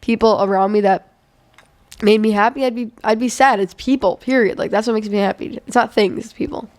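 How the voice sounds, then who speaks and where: A woman's voice: on the high side, fairly even intonation, a little fast, dry recording. A young woman chatting on a podcast as a guest, blunt and sassy. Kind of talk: casual chat.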